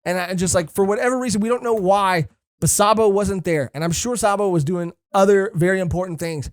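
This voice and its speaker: A man co-hosting a podcast, chatting casually, excitable and profane, rambling with lots of fillers. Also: high-pitched, fairly quick, clear, resonant tone, dry recording, clean studio sound. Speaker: podcast co-host. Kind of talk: casual chat.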